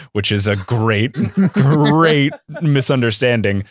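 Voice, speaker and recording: A man's voice: mid-range voice, expressive, measured pace, no echo, studio quality. A young man chatting as a podcast guest, gushing with enthusiasm about what he loves. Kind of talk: casual chat.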